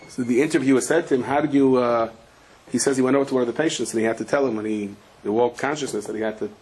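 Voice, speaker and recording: Male rabbi, animated storyteller, mid pitch, faint background noise. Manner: animated storyteller, acts out voices, shouts in quotes. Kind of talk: Torah lecture with stories. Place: attic room.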